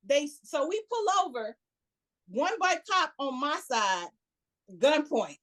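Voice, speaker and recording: A woman with a Chicago accent tells a story as a podcast guest in a relaxed, chatty way. She acts out what people said and laughs often. Her voice sits fairly high. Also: a little slow. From United States. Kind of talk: casual storytelling.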